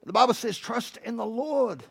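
A high-voiced male pastor with a gravelly edge, preaching to a church congregation. He pushes hard on the big lines, then drops to hushed, playful asides. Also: expressive, moderate pace. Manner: swings from loud shouting to hushed low asides, jokey and emphatic. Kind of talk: sermon.

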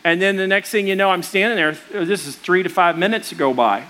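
Bright, high-voiced male preacher. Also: a little fast. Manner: animated, acts out the voices in his story; conversational, with fillers and restarts. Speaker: pastor. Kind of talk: storytelling sermon.

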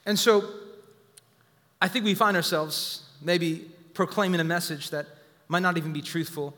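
A man's voice: a little high, fairly even intonation, moderate pace, sharp tone, long reverb tail. A man preaching a sermon as pastor, emphatic and repeating key phrases to the congregation.

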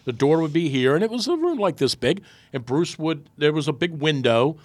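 A man's voice: a little fast, no room sound. A man, a radio host, telling a story in casual chat and acting out the quotes. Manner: animated storyteller, acts out quotes with big pitch jumps.

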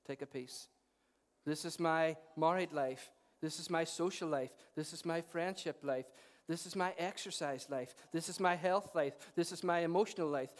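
A man preaching an animated, humorous sermon to a congregation, talking to people by name. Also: on the high side.

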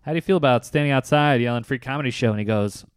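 A man, a comedian, chatting casually and teasing his co-host with quick joking asides. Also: medium pitch, clear, resonant tone, dry recording, clean studio sound. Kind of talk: casual chat.

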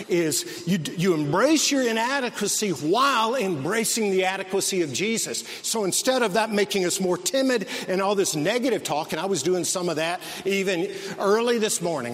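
A man preaching a sermon, telling stories and dropping his voice low to quote calm speakers. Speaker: pastor. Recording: long reverb of a large hall.

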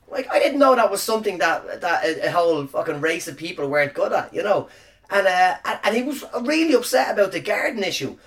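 A man's voice: high-pitched, very animated, fairly quick, fairly bright tone, recorded from a distance. A man telling a rambling, profane, self-deprecating story as a podcast host, recorded on a phone camera. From Ireland. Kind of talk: casual storytelling monologue.

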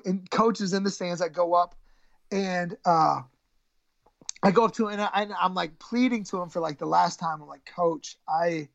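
Gravelly woman coach, stops and restarts a lot, dry dull sound. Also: fairly low pitch, no echo. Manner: halting, repeats words, emotional retelling. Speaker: high school wrestling coach. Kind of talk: storytelling in a podcast interview.

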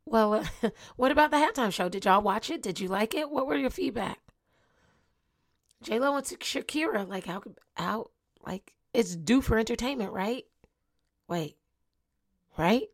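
A woman's voice: on the high side, lively intonation, unhurried, long pauses. A young adult woman hosting her own podcast, talking casually to listeners, asking them questions and laughing often. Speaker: podcast host. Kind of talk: casual solo podcast monologue.

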